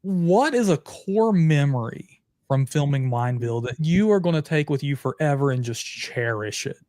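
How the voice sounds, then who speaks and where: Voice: medium pitch, lively intonation, moderate pace, a little mellow, dry recording. A host interviewing a guest, asking eager and curious questions. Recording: dry close sound.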